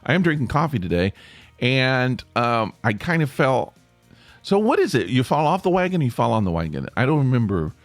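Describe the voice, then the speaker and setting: A middle-aged man chats alone into the mic, rambling and poking fun at himself as he speaks straight to his listeners. His pitch swings up and down a lot. The sound is dry and close, with faint music underneath. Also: very animated, moderate pace, dry recording. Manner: rambling, self-deprecating, talks to listeners directly. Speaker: podcast host. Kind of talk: casual solo podcast monologue.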